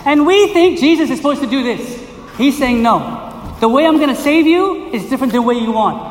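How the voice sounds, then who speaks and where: A middle-aged male pastor preaching a lively sermon, acting out voices and questioning his listeners, recorded from a distance in a community center hall. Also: extremely high pitch, brisk, a little hiss or hum. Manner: animated, acts out quoted voices, asks the crowd questions. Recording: echoey hall, voice from far off.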